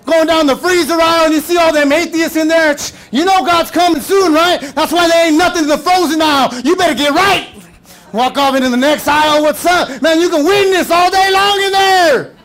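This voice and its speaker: A male pastor preaching a sermon, animated and casual, with shouted bursts and playful mock voices. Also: very high voice, fairly quick. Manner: casual slangy talk.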